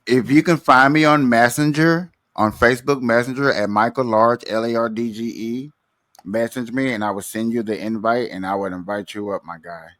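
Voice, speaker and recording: A man's voice: medium pitch, moderate pace, a bit bright. A man hosting a livestream in a casual, easygoing way, running the show and handing out points to guests. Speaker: livestream host. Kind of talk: casual chat.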